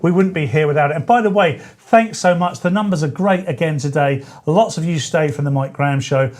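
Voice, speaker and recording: A man, hosting a live-stream show in a chatty, joking way with quick asides. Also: a little high, darkish tone. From England. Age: 40s. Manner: chatty, jokey, self-correcting asides. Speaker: show host. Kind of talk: casual live-stream chat.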